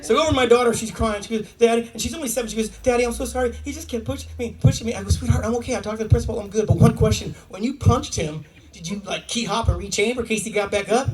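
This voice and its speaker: A middle-aged man's high-pitched voice races through stand-up stories, acting out the lines of the people in them, in front of a live comedy club audience. Captured from across the room by an audience recording, he sounds far from the mic, the audio is poor, and a loud crowd laughs throughout.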